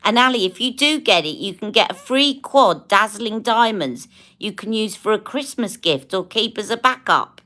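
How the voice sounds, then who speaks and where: A woman's voice: medium pitch, animated, moderate pace, sharp tone. A woman hosting a casual beauty livestream, chatting to viewers and demonstrating products as she talks. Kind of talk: casual live-stream chat.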